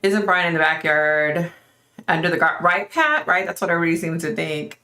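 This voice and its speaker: A woman's voice: lowish voice, lively intonation, fairly quick, bright, forceful tone. A middle-aged woman hosting a casual livestream, chatting with viewers by name and talking with a skeptical edge. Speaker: livestream host.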